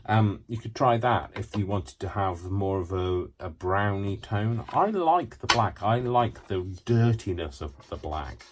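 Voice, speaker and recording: A man's voice: lowish voice, lively intonation, a little slow, few pauses, slight background noise. A man hosting a casual craft demonstration, chatty and rambling, with self-mocking asides. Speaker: craft tutorial host.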